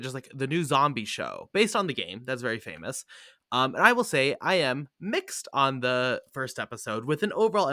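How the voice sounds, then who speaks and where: Man, podcast host, very lively pitch, bright tone, dry close sound. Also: dry recording. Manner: lively, talks in quick bursts with many "um"s. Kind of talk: casual chat.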